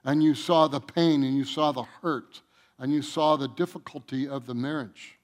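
A male pastor delivering a sermon in church, preaching with passion, building to loud emphatic runs and repeating phrases. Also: a little high, steady tone, moderate pace.

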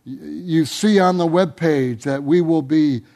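Slow, high-voiced preaching man. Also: creaky. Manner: emphatic, building intensity on repeated words; drops to a low, soft voice at phrase ends. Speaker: pastor. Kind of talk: sermon.

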